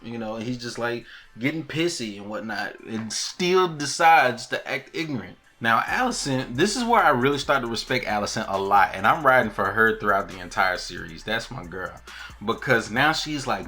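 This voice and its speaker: A man recapping a TV episode in casual commentary, animated and laughing, acting out the scenes. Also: medium pitch, normal speed. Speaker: TV show recap reviewer.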